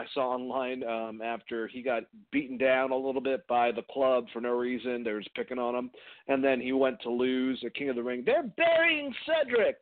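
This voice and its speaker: A man hosting a casual podcast, animated and swearing freely. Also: mid-range voice, no echo. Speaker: podcast host. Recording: tinny phone-like line, dry.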